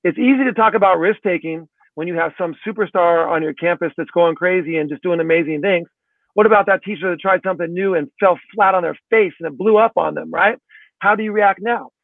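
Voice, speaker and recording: A man being interviewed as a guest author, talking in an energetic, emphatic way and often ending points with tag questions. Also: sits high, a little fast, gravelly, dry recording. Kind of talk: podcast interview answer. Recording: tinny dry phone line.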